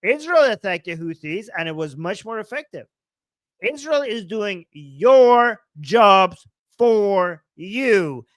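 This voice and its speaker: A man's voice: high-pitched, lively intonation, slow, a bit bright, no room sound. A man hosting a political livestream, ranting with emphatic repetition and swearing, reading out viewer super chats. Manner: ranting, emphatic, profane, repeats phrases for force. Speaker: livestream host. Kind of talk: heated political livestream talk.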